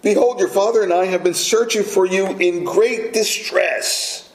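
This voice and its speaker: A man's voice: sits high, a little slow, a little hiss or hum, voice pushed up. A man voicing a distressed mother scolding her son after searching for him. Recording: echoey room.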